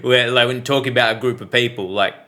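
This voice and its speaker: A man's voice: mid-range voice, fairly even intonation, fast talker, pushed and bright. An Australian man hosting a reaction video, chatting casually and restarting his thoughts as he goes. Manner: rambling, restarts mid-thought.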